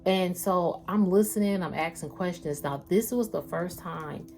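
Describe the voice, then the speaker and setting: A woman's voice: lowish voice, a little slow, creaky, darkish tone, faint music behind. A woman doing a casual spiritual reading, chatting with viewers in a slangy, loose way. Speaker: spiritual tarot reader.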